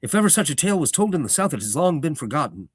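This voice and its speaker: Proud forceful warrior lord, put on by a male reader, loud and exclaiming. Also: fairly high pitch, big pitch swings, rapid-fire, breathy edge, no echo, pitched above the performer's own voice. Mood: astonished. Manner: emphatic, exclaiming.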